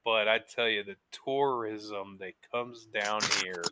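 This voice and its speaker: A man chatting casually on a panel in an animated way, laughing between remarks. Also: on the low side, slow, very noisy. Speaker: panel guest. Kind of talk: casual chat.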